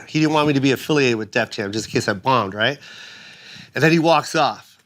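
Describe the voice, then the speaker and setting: An animated man spins a story in casual podcast chat, pitch sitting in an ordinary middle range. He acts out the people he quotes in raised voices and keeps checking in with "right?". Fillers and restarts run through his talk. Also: fairly quick. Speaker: comedian guest telling a story.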